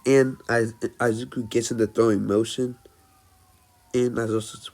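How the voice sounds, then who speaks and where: A man improvising a fan-fiction story as narrator, halting often with fillers and restarts. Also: mid-range voice, flat delivery, a little mellow.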